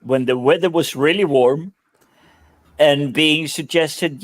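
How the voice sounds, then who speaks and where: A man's voice: on the high side, slow, no room sound. A man hosting a casual panel chat, cheeky and prone to repeating words. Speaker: host.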